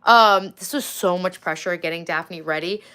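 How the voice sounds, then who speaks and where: A woman's voice: fairly low pitch, moderate pace, bright, forceful tone, clear, resonant tone. A woman in her forties hosting a casual livestream from home, chatting and thanking viewers by name. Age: 40s. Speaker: livestream host.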